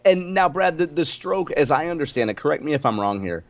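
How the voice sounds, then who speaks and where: A man's voice: a little high, big pitch swings, fairly quick, no echo, highs cut off. A middle-aged man co-hosting a radio talk show, wry and sarcastic in casual banter. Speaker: radio co-host and columnist.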